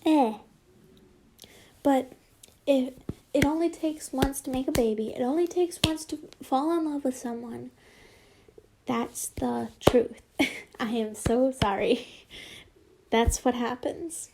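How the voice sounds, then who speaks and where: A woman reads fan fiction aloud in a high voice and keeps breaking off into casual asides. She swears freely and speaks at an unhurried pace. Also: background noise.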